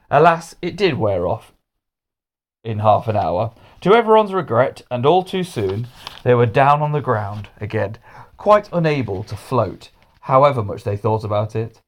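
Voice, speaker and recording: A man reading a children's storybook aloud with expressive delivery. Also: medium pitch, moderate pace.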